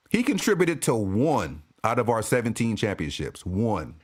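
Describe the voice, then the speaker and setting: A man's voice: on the low side, wildly swooping pitch, moderate pace, few pauses, breathy edge. A man rants about basketball to his camera, his voice swinging widely up and down. He keeps breaking into laughter, swears freely and repeats his lines over and over. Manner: laughing, profane, repeats himself. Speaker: sports fan commentator. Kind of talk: casual rant to camera.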